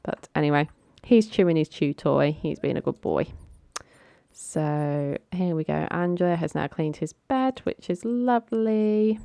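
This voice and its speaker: A woman's voice: low-pitched, a little slow, gravelly, warm tone, clean tone, no echo. A young woman casually commenting on a life-simulation game, chatty and coaxing her characters along. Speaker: gaming channel host.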